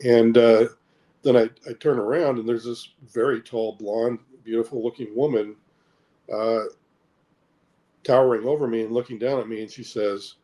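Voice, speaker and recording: Man, middle-aged, interview guest, hesitant, repeats words, mellow voice. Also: mid-range voice, steady tone, normal speed. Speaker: interview guest, military veteran. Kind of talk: casual recounting of personal experiences.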